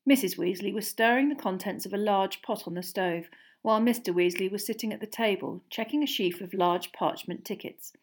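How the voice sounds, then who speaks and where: A woman narrating an audiobook chapter in an even, measured storytelling voice. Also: medium pitch.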